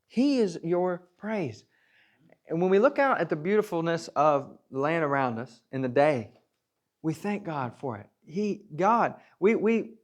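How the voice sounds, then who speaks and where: A man with a somewhat high voice preaches in a church, reading verses aloud and then unpacking them in his own words. His delivery is earnest, swelling to loud emphasis and then sinking to near-hushed pleas. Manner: earnest, reads scripture then expounds, swings between loud and hushed. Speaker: pastor. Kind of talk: sermon.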